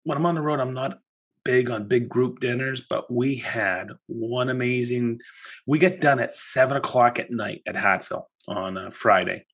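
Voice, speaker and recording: A man's voice: medium pitch, moderate pace. Chatty male podcast host telling stories. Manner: animated storytelling, chatty with many restarts. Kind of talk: casual chat.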